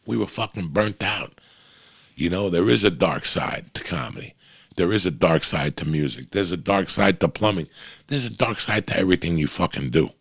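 A man's voice: low-pitched, expressive, normal speed, creaky, slightly rough, no room sound. A middle-aged man hosting a podcast, talking bluntly and confessionally with constant swearing and a slight wheeze. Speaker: podcast host. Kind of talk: candid podcast monologue. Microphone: podcast microphone.

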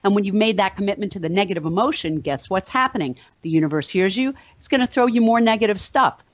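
A woman speaks as a motivational speaker to a small group, telling animated stories with plenty of ums and uhs. The recording sounds dull and lo-fi, with a dry, close sound. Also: mid-range voice, fast talker, no echo. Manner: animated storytelling with fillers. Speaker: motivational speaker and meetup organizer. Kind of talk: casual talk to a group.

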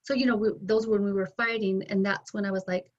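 A middle-aged woman telling her story as an interview guest, candid and animated, acting out both sides of past conversations. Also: medium pitch, fast. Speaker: interview guest, bereaved mother. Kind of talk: emotional personal storytelling. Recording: dull lo-fi sound.

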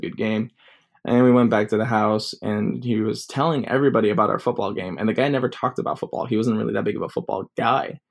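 A man's voice: fairly low pitch, gravelly. A man in his twenties telling a personal story casually, rambling with many fillers. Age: 20s.

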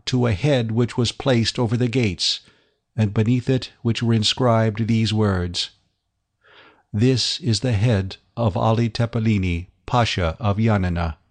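Earnest young woman recounting her grief, read by a man in his own low voice. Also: vocal fry. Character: young woman, a former captive telling her sorrowful story.

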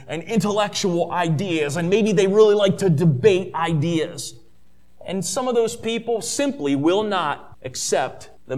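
A man preaching a sermon, animated, with slow drawn-out stresses and incredulous quoted voices. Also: on the high side. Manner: acts out quoted skeptics in an incredulous tone.

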